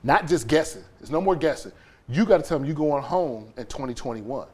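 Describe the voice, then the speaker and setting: A man recounts a personal story as a podcast guest, his voice sitting a little high. He is animated and acts out scenes with quoted lines and sound effects. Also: brisk.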